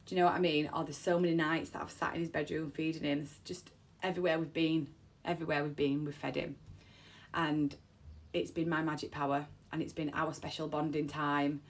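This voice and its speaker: Here a woman with a low voice and flat delivery talks fairly quickly through a personal story. She is an emotional mother of three on the verge of crying, and her heartfelt account rambles and circles back over the same phrases.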